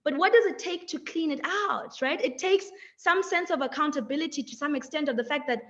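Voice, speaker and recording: A woman's voice: high-pitched, fairly bright tone, lo-fi sound. A young woman giving a reflective motivational talk in a webinar. She draws out her phrases and keeps checking in with "right?" and "like". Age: young adult. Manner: measured, drawn-out phrasing, frequent "like" and "right?". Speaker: webinar speaker.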